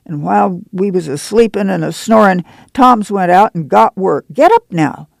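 Storybook farm mother, practical and proud, gravelly drawl, read by a man. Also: high-pitched, warm tone, no echo, heavily acted. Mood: urgent. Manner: rural drawl, brisk commands. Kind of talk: audiobook reading.

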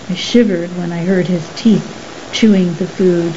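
A woman narrates a story slowly and carefully, with a mellow, warm tone and a measured, somber delivery. The recording is a little muffled, with faint hiss underneath. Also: lowish voice, steady tone. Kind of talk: scripted narration.

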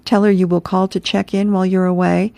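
A woman radio host reading an advice column and comic strips, with a chuckling, relaxed manner. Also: on the low side, fairly quick, vocal fry, dry recording.

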